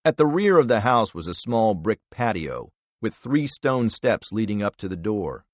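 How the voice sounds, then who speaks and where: A man narrating a thriller audiobook in a measured, low-key manner. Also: big pitch swings, dry recording. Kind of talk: scripted narration.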